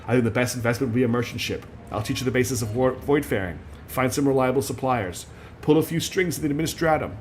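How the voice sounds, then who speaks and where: A man voicing a calm, worldly character who speaks in a low, measured way. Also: lightly acted.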